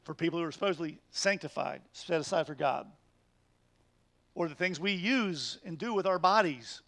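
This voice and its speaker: A man's voice: a little high, animated, normal speed, creaky, a bit bright, dry recording. A man, a pastor teaching a midweek Bible study in an earnest, emphatic way, asking rhetorical questions as he goes.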